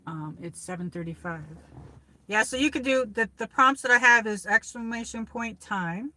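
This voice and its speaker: A woman's voice: a little high, normal speed, pushed and bright. A woman from New York with a New York accent hosting a casual livestream chat, rambling and reading viewer comments aloud. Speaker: livestream host. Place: car on a drive.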